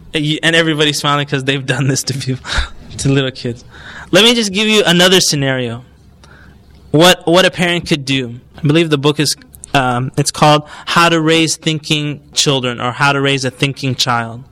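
A man's voice: a little high, sharp tone. A man giving a recorded Islamic lecture on parenting, talking conversationally and putting questions to his audience.

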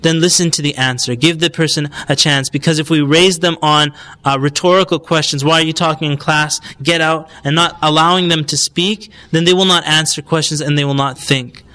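A man's voice: fairly high pitch, steady tone, fairly quick, sharp tone. A man giving a recorded Islamic lecture on parenting, talking conversationally and putting questions to his audience.

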